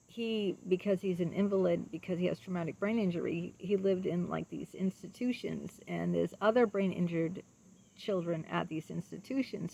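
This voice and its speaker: Gravelly-voiced woman in her fifties. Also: medium pitch. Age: 50s. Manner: halting, with many ums and restarts; earnest, explaining with rhetorical questions. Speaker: vlogger. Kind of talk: personal reflective monologue.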